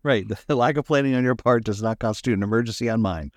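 A man's voice: mid-range voice, fast, no echo. A man co-hosting a casual chat who listens with short murmurs and throws in dry wisecracks. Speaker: podcast co-host.

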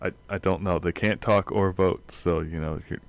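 Deadpan low-voiced man, dry sound. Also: normal speed, no room sound. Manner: dry, deadpan, argues point by point. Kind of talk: casual banter.

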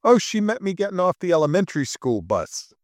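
A man's voice: high-pitched, big pitch swings, a little fast, dry recording. Dry-humored man in his sixties. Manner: dry, self-mocking storyteller. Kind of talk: casual chat.

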